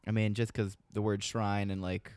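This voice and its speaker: A man's voice: lowish voice, level tone, moderate pace, a little mellow, smooth, no echo. A man co-hosting a podcast, laid-back and joking in casual chat, swearing now and then. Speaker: podcast co-host.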